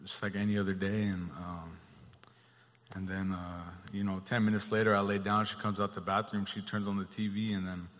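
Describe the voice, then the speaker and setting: A man telling a guest story in a plain, steady way, with many fillers. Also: lowish voice, normal speed, big-room sound. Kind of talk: casual storytelling.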